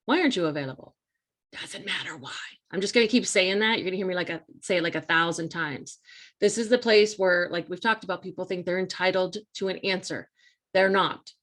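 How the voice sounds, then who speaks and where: A woman's voice: lowish voice, fairly even intonation, brisk, a bit bright. A woman hosting a live coaching talk, speaking in a casual, earnest and emphatic way that repeats key points and speaks straight to her listeners. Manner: earnest, emphatic and repetitive, addresses listeners directly.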